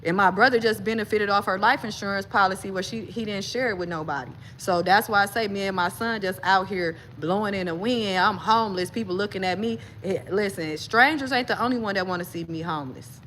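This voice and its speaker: A woman's voice: fairly quick, hardly any pauses, a little hiss or hum. A woman speaking an emphatic personal monologue to camera, talking straight to her viewers. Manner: grows agitated and loud, pitch climbing. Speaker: vlogger.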